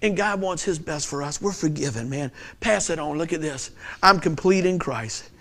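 Male pastor, middle-aged, high-pitched, animated sermon delivery with loud bursts and soft asides. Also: normal speed. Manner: animated storytelling with laughter and loud peaks.

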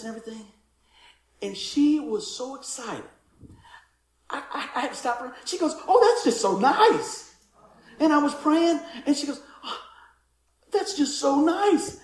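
A man, a pastor, preaching a sermon with animated storytelling and acted-out voices. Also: sits high, echoey room, poor audio.

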